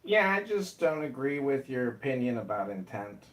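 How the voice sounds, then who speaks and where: A man's voice: mid-range voice, sing-song, moderate pace, a bit bright, recorded from a distance. A man in an online voice chat debate, curt and contrarian. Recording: roomy echo.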